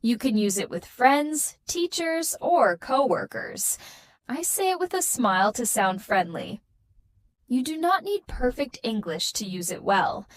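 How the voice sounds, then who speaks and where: Slow, lively-voiced woman teaching English. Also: sits high, dry recording. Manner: slow, clear, encouraging delivery. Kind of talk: beginner English lesson.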